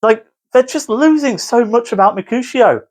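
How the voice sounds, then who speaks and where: A man's voice: very high voice, moderate pace. A man who teaches, talking casually to camera, rambling and correcting himself as he explains. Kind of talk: casual video commentary.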